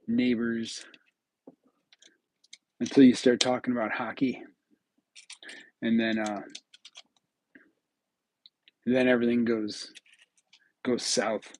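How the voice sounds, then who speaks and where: A livestream host from New York state chats casually with viewers and mutters to himself between pieces as he builds. His medium-pitched voice barely moves in pitch, comes slowly with long pauses, and has a darkish tone. The recording quality is low.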